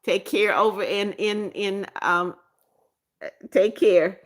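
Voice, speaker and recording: Slow and steady in a mid-range voice, a woman runs a livestream, reading out chat messages in casual conversation. She greets viewers with blessings, laughs a lot, repeats herself, and offers mild scoldings.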